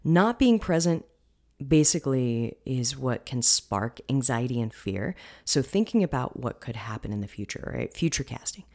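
A woman's voice: very deep voice, very animated, normal speed, darkish tone. A woman hosting a wellness podcast in a casual solo talk, with a groggy morning voice, chatty and often checking in with the listener.

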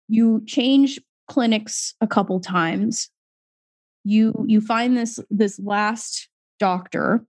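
A woman's voice: medium pitch, darkish tone, no echo. A woman hosting an interview, reacting effusively and recapping her guest's story. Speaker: podcast host. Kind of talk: conversational interview.

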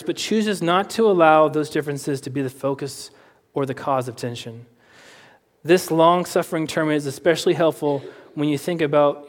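A man in his thirties preaching a sermon, telling personal stories and acting out the dialogue in quick, animated voices. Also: fairly high pitch. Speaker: pastor. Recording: long reverb in a hall.

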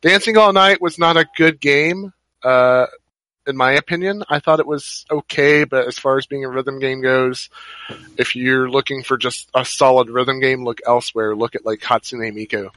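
Bright, excitable man on a podcast. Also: mid-range voice, moderate pace, dry recording, low-quality recording. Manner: excitable, laughs often. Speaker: podcast co-host. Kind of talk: casual podcast chat.

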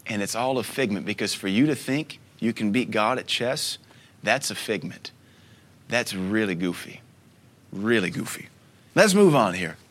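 Animated man preaching a sermon. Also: on the low side, normal speed. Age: 30s. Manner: animated storytelling, swings between soft asides and sudden loud bursts. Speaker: pastor.

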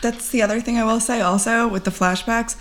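A woman guest speaking candidly and earnestly in conversation, halting often and filling pauses with "like.". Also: fairly high pitch, fairly even intonation, a bit bright. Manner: earnest, halting, full of "like" fillers. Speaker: podcast guest. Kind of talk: candid personal account in conversation.

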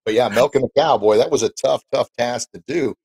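A man's voice: mid-range voice, brisk, a little mellow, husky, rough recording. A man hosting an interview podcast, chatting with his guest in an eager, encouraging way. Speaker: podcast host. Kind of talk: casual interview chat.

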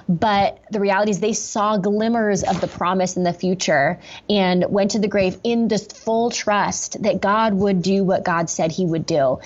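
Earnest, reflective woman pastor recounting a story; mid pitch, slightly dull lo-fi audio. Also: a little hiss or hum. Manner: earnest, reflective, many fillers and restarts. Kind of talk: personal storytelling in an interview.

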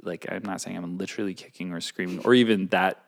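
A middle-aged man co-hosting a casual advice chat, musing aloud and acting out his own reactions with sudden high bursts. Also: steady tone, fast, creaky. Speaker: podcast co-host.

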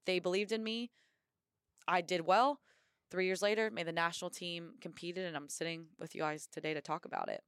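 A young American woman, a Marine officer and athlete, telling her story in a casual podcast interview with lively energy and acted-out quotes. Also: lowish voice, fairly quick, smooth, dry recording, studio quality. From United States. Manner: energetic, upbeat storyteller who acts out quotes.

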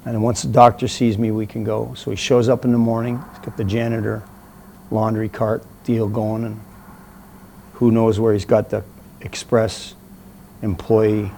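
A man's voice: lowish voice, moderate pace, vocal fry, slight background noise. A middle-aged man, an interview guest, telling a story casually and acting out the voices of the people in it. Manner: animated storyteller, acts out quoted voices.

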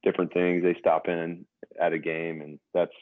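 A young adult man, a former pro basketball player, telling stories as a guest in a relaxed casual podcast interview, over a tinny phone-like line. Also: low-pitched, normal speed, dry recording. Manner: relaxed storytelling with fillers.

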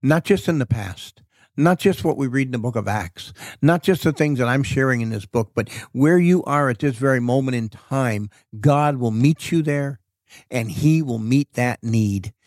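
A man with a mid-range voice tells a story in a relaxed interview. He is an animated storyteller who acts out what people said. The sound is close and dry. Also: mid-range voice, moderate pace, dry recording. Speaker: preacher and author guest.

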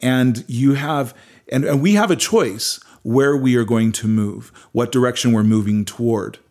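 A man's voice: medium pitch, measured pace, a little mellow. A middle-aged man, a musician guest, talking earnestly in a casual interview, often restarting his sentences. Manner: earnest storyteller with many restarts. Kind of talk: casual conversation.

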